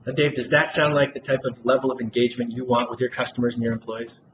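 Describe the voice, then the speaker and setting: A man giving a rehearsed, persuasive sales pitch in a role-play and often addressing the listener by name. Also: steady tone, quick pace. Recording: dull lo-fi recording with clear background noise.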